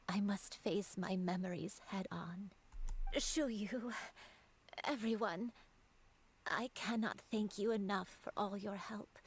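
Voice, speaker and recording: An actress voicing a gentle old grandmother who was once a crane, speaking softly and tenderly, often near a whisper, in a game. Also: medium pitch, slightly rough. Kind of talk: game dialogue.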